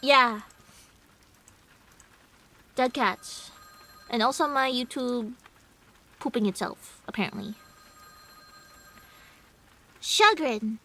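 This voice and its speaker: A young woman streamer reading a story game aloud, often breaking off into excitable squeaky outbursts. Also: takes it slowly, pauses often, rough recording.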